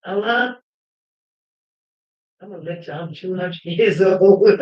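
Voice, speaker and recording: Woman host, fervent and emphatic storyteller who breaks into shouting; muffled lo-fi sound. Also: medium pitch, lively intonation, unhurried. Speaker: livestream host. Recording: roomy, dull lo-fi livestream audio.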